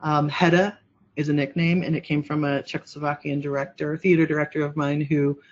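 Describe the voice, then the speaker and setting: A woman's voice: deep voice, flat delivery, fairly quick, lo-fi sound, slight background noise. A woman giving a casual webinar presentation and answering questions, chatty and rambling, with lots of fillers.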